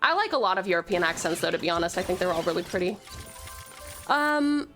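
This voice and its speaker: A woman's voice: on the low side, animated, fast, a bit bright, soft background music. A woman from Tasmania, streaming a game, gushing over her chat with pet names and swearing freely. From Tasmania, Australia. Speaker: VTuber streamer.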